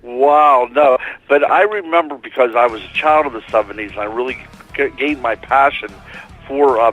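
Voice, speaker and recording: Hoarse middle-aged man on the phone. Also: medium pitch, fairly bright tone, low-quality recording. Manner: enthusiastic, repeats words as he restarts. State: hoarse, losing his voice. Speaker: radio show guest. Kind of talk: radio interview. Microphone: telephone.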